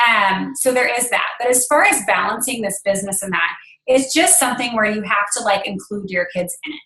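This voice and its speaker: A woman's voice: mid-range voice, lively intonation, fairly quick, pushed and bright, roomy sound, poor audio. A woman in her thirties, a guest speaker on a team call, telling a personal story in an earnest way with many fillers. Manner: earnest, emotional at times, filler-heavy.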